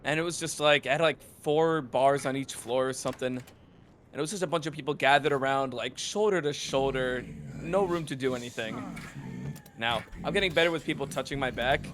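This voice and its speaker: A man's voice: mid-range voice, a little fast, a bit bright, a little hiss or hum. A man in a casual chat, cracking jokes and laughing often as he talks.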